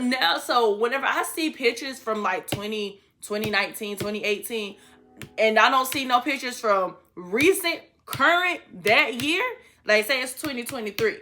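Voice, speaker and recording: Animated, bright-voiced young woman storyteller. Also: on the high side. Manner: animated, slangy storyteller who talks to viewers. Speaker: vlogger. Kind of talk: storytime vlog.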